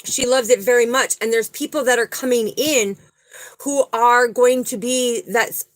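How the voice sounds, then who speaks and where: In a fairly high, steady voice at a measured pace, a spiritual card reader offers a psychic reading to the viewer, soothing and sincere, repeating important words to stress them. The sound is dry and low in quality.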